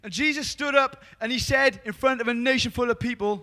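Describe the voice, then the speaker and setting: Welsh male preacher, high sharp voice, lively and jokey, loud calls then quiet confiding. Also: brisk, few pauses. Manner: energetic and joking, swinging from loud calls to soft confiding. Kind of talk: lively evangelistic sermon.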